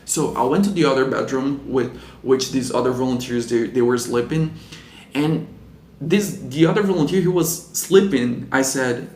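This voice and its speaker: A man with a Portuguese accent casually telling a story, lively and acting out the people in it. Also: medium pitch, normal speed. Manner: animated, acts out the people in his story. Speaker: vlogger. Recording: echoey room.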